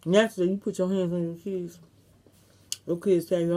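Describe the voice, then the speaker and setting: Chatty reminiscing woman vlogger, mellow voice. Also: lowish voice, level tone, moderate pace. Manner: chatty, reminiscing, salty language. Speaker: mukbang vlogger. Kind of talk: casual storytelling to viewers.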